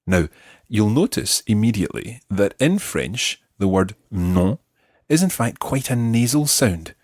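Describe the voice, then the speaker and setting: A man hosting an audio language lesson, explaining patiently and modeling words slowly for listeners to repeat. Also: on the low side, big pitch swings, darkish tone, breathy edge, no echo. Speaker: language teacher and host.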